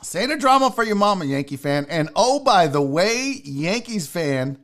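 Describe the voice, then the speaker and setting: A man hosting a solo sports talk show, ranting loudly and mockingly with lots of swearing. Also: high voice, very animated, normal speed, hardly any pauses. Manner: loud, mocking, profane ranting.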